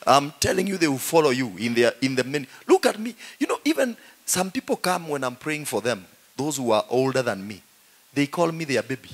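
A middle-aged man with a Kenyan accent, a pastor preaching in a joking, animated way and saying "you know" often. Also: mid-range voice, brisk. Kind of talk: humorous sermon.

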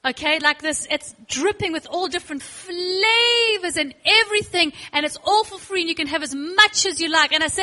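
A woman's voice: very high voice, moderate pace. A woman teaching worship to a class, playful and emphatic, acting out little scenes with her students. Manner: emphatic, bursts of excitement.

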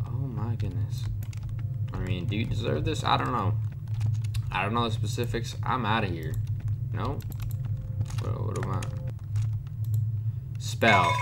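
A man commentating a horror game, reading its text aloud and yelling at jump scares. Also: on the low side, unhurried, creaky, long pauses, over a noisy crowd. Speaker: gaming video creator.

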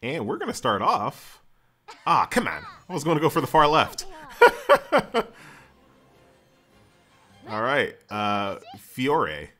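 A man's voice: mid-range voice, huge pitch swings, slow, long pauses, sharp tone. A man hosting his own gaming channel, giving upbeat casual let's-play commentary and reading tutorial prompts aloud. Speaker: gaming YouTuber. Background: game music.

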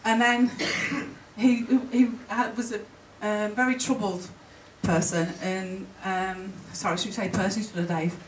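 A woman's voice: medium pitch, level tone, a little hiss or hum. Woman speaking in an echoey hall. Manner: emotional, chatty, halting. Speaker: conference speaker. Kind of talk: presentation to an audience. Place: conference hall. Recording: roomy hall, mic from a distance. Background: faint room ambience.

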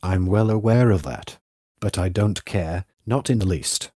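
A man's voice: deep voice, animated, unhurried, mellow, dry recording, studio quality. A man voicing a defiant frail countess. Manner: defiant, stubborn. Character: proud frail noblewoman facing surgery.

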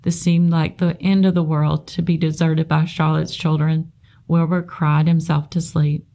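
A woman on library staff reading a children's novel aloud in a steady, measured narration. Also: low-pitched.

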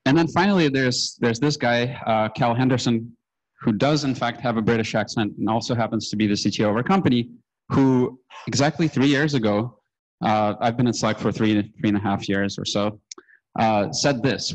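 A man giving a casual conference talk on stage, relaxed and anecdotal, with frequent ums and uhs. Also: medium pitch, normal speed, rough recording. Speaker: conference speaker.

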